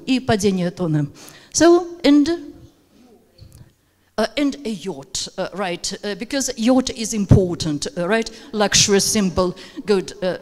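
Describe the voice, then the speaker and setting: A woman's voice: a little high, a little mellow. A woman with as her leading a live workshop for teachers, hesitant with many fillers and coaxing participants to take turns. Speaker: teacher trainer. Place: conference room with audience. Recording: reverberant hall recording.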